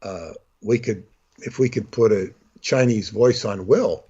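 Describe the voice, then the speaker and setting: A man's voice: lowish voice, unhurried, mellow, muffled recording, a little hiss or hum. A man telling stories and talking astrology in casual chat, rambling with many restarts and breaking into character voices. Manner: rambling, full of fillers and restarts, acts out voices.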